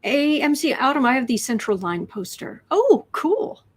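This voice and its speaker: A woman's voice: a little high, animated, moderate pace. A woman hosting a livestream, reading viewer comments aloud and chatting, sometimes dropping to a whisper or cooing to her pet. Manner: chatty, drifts into soft whispers and coos to a pet. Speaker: astrology and tarot channel host.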